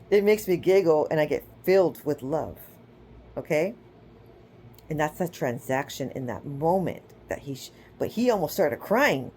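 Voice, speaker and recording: A woman's voice: low voice, lively intonation, a little slow, mellow, breathy edge. A woman giving a casual spiritual teaching, chatty and informal, who retells scripture stories with acted-out quotes and keeps checking in with her listeners. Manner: chatty, checks in with "okay?" and "right?".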